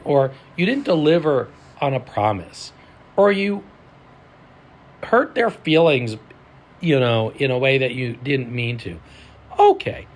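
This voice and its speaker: Delivering a motivational coaching talk, this mindset and self-leadership coach speaks with a voice on the high side. He's animated, hitting words with sudden loud emphasis.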